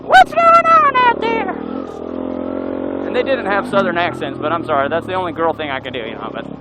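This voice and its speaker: Animated man telling a story on a trail. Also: medium pitch, rapid-fire, very noisy. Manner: animated, whoops and yells while riding. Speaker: motovlogger. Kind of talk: storytelling while riding. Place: outdoors on an off-road motorcycle trail.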